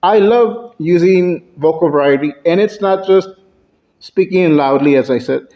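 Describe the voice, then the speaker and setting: A man with a fairly high voice gives a prepared speech at a club meeting, taking his time over each phrase. He pushes his voice up and down for effect. The recording sounds dull and lo-fi. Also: a little slow. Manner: shifts pitch and loudness for effect. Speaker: Toastmasters club speaker.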